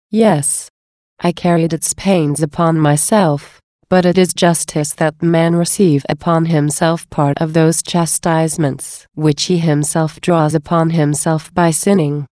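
A man's voice: on the high side, darkish tone, no echo, lightly acted. Jesus, as a woman reads him, solemn and mournful. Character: grieving adult male Jesus, solemn and plaintive.

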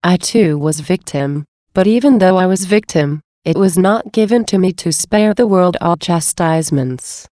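A man's voice: sits high, normal speed, few pauses, a little mellow, no echo, close to an everyday voice. Jesus, as a woman reads him, solemn and mournful. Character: grieving adult male Jesus, solemn and plaintive.

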